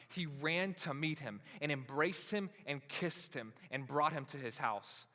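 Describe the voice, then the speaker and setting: A man's voice: mid-range voice, expressive, normal speed, hardly any pauses, bright, forceful tone, long reverb tail. A man preaching a sermon as pastor, retelling a story casually and acting out its characters in everyday voices.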